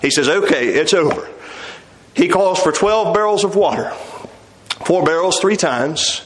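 A man's voice: high voice, animated, normal speed. A man preaching a sermon, telling the story with animation and acting out the quotes. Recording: echoey room.

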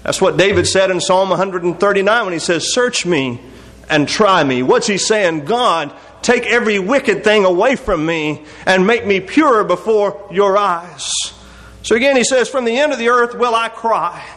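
A man preaching an earnest sermon, reading old-fashioned scripture verses and moving between soft, slow passages and raised, pleading appeals. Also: sits high, animated.

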